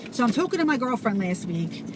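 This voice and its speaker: A woman telling a story to camera in an animated, casual way, swearing and full of fillers. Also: fairly high pitch, brisk. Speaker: vlogger. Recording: audible background noise.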